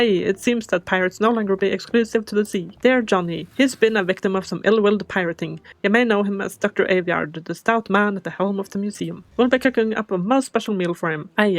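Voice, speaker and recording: A woman's voice: no room sound, lightly acted, rough recording. Woman voicing a salty old sea captain. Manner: old-fashioned pirate talk, booming. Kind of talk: reading game dialogue aloud.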